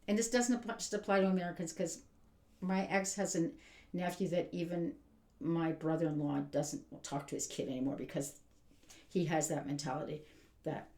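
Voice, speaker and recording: A woman's voice: lowish voice, fairly even intonation, moderate pace, a little mellow. Indignant woman ranting, roomy echo. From Canada. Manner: exasperated, indignant, emphatic. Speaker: vlogger. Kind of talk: ranting commentary.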